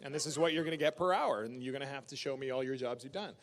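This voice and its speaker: A man with a mid-range voice speaks rapid-fire as an actor guest on a fan convention panel. He answers questions casually and emphatically, ranting with animation and laughing along the way.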